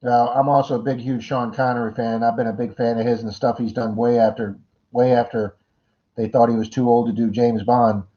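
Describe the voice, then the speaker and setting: A man's voice: medium pitch, little pitch movement, brisk. A middle-aged man hosting a casual livestream chat, greeting viewers by name and rambling through jokey asides. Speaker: livestream host. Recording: dull lo-fi stream audio.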